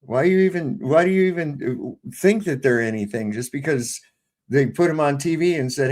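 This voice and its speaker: A man's voice: fairly high pitch, animated, moderate pace, darkish tone. An older man ranting in casual, profane, exasperated political chat on a livestream panel.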